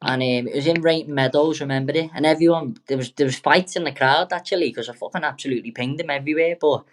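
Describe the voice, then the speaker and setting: A man's voice: on the high side, fast talker. A young man, a boxer guest telling rambling, sweary, jokey stories in a casual interview. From England.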